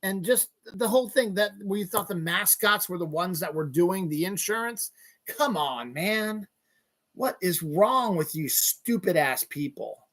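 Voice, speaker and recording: A man hosting a solo podcast, ranting angrily with heavy swearing and sudden bursts of yelling. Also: high-pitched, lively intonation, measured pace. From Eastern United States. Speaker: podcast host. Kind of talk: solo rant.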